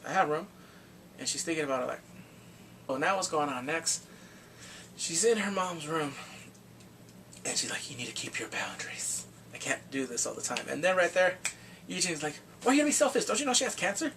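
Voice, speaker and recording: A man casually recapping a drama's plot, animated and acting out his own reactions with whoops and exclamations. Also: on the high side, recorded from a distance, a little hiss or hum. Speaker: drama reviewer.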